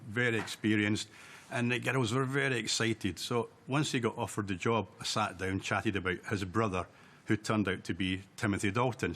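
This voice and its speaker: A man from an audience, telling a story on a television chat show in a plain, steady way. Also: on the low side. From Scotland. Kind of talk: anecdote told on stage. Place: television studio.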